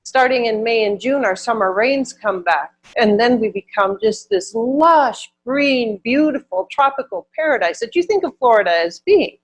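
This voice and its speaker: A woman's voice: fairly high pitch, lively intonation, normal speed, few pauses. A woman from Wisconsin, a minister giving a conversational Sunday sermon, repeating words for emphasis.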